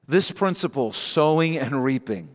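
A male pastor preaching a sermon, reading scripture with animated joking asides and emphatic repetition. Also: medium pitch, unhurried, in a large hall.

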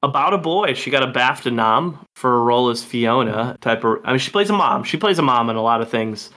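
A man's voice: mid-range voice, expressive, a little fast, sharp tone. A man co-hosting a casual film podcast, chatty and loose, swearing now and then. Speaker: podcast co-host.

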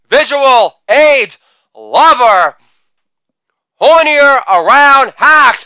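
A male comedian doing a crude insult roast, with brash delivery and shouted catchphrases. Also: sits high, expressive, slow pace, clean tone, dry recording.

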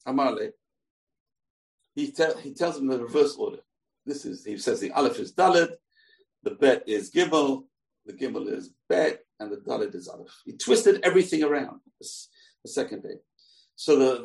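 Gravelly animated man telling a Talmud story. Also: mid-range voice, normal speed, far from the mic. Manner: animated, acts out the characters' lines. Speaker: Torah teacher.

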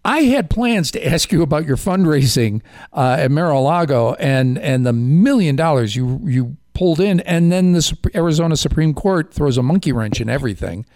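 A man's voice: on the high side, lively intonation, normal speed, darkish tone, no echo, studio quality. An older man hosting a radio call-in show, telling a story in a chatty way and then asking pointed questions. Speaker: radio talk show host. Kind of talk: casual radio interview.

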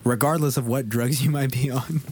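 A man's voice: mid-range voice, fairly even intonation, a little mellow, a little hiss or hum. A man co-hosting a podcast who cuts in with short joking remarks and swears. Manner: quick joking interjections, swearing. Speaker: podcast co-host. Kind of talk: casual chat.

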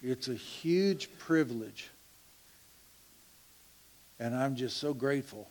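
A middle-aged man telling a church testimony in a slow, halting way, with laughs and hushed asides. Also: medium pitch. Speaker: church member sharing a testimony.

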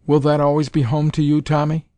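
Gentle young alien princess read by a man, soft, higher voice, storybook reading, no echo. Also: completely flat delivery, fairly quick, lightly acted. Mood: dismayed.

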